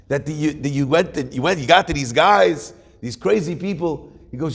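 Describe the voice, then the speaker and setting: A man's voice: a little high, fairly quick, creaky, hardly any pauses, breathy edge. A man, a rabbi, telling a story in a Torah class, acting out the dialogue of each character.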